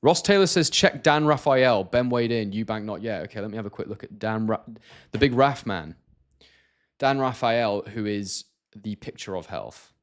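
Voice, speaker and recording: A man's voice: lowish voice, lively intonation, moderate pace. A man from Scotland hosting a casual live stream, reading out viewer comments and talking with many hesitations and restarts.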